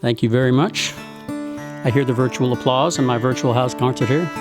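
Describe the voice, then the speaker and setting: A man's voice: mid-range voice, steady tone, normal speed, music in the background. Folksy man introducing his songs. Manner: folksy storytelling, earnest; tongue-in-cheek humor. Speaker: singer-songwriter hosting a virtual house concert. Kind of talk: spoken song introductions. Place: home, live-streamed concert.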